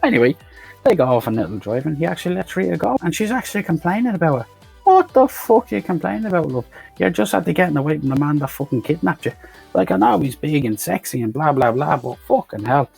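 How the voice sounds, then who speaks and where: A man's voice: a little high, animated, fast, gravelly, darkish tone, slightly rough, faint music behind. A man recapping a film in a rambling, sweary, sarcastic way. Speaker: film reviewer. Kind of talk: profane comedic movie recap.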